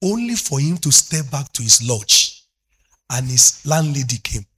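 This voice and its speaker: A man's voice: mid-range voice, big pitch swings, a little slow, sharp tone, slightly rough. A middle-aged Nigerian man preaching a fervent sermon as a pastor, moving between English and Yoruba.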